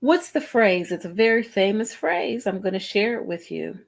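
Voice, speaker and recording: A middle-aged woman hosting a live-streamed wellbeing talk show, speaking deliberately and repeating phrases for emphasis to her viewers. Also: mid-range voice, expressive, creaky. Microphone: streaming setup, video call style.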